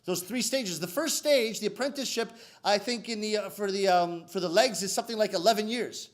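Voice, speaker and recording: A male comic storyteller on stage with a fairly high voice. He tells his tale in an animated, theatrical way, turning to the audience now and then. He shifts freely between explanation and playful asides. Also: a little fast. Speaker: rakugo storyteller. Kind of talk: live comic storytelling performance.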